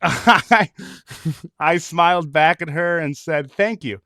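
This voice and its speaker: A man reading a comic story aloud in a mock-dramatic, animated way, laughing often. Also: a little high, takes it slowly, no echo, studio quality. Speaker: reader of comic stories.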